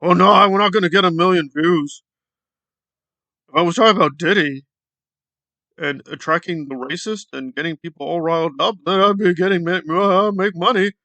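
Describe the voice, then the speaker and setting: A man's voice: high-pitched, steady tone, moderate pace, vocal fry, sharp tone, no room sound. A man hosting a commentary video, ranting in a sarcastic, exasperated way. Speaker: commentary channel host.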